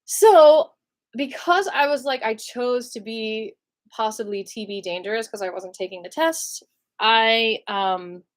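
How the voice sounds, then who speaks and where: A young woman telling a personal story to camera in an emotional vlog, acting out the voices of the people in it. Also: a little slow. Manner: animated, acts out other people's lines with big pitch jumps.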